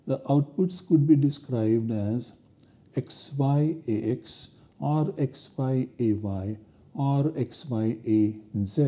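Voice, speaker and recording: A man giving a recorded university lecture, explaining grammar rules slowly and deliberately. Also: medium pitch, mellow.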